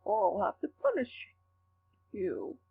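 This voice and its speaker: A woman's voice: mid-range voice, wildly swooping pitch, gravelly, slightly rough, heavily acted. A woman voicing a sneering, taunting male demon villain in a fanfic reading. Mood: sly. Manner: taunting, slow and sly. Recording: tinny lo-fi with faint hum.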